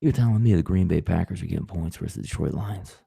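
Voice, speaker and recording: A man doing a hushed, breathy "radio voice" of an over-eager male sports bettor. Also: deep voice, quick pace, pitched below the performer's own voice, heavily acted. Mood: awed, hushed. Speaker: sports betting analyst.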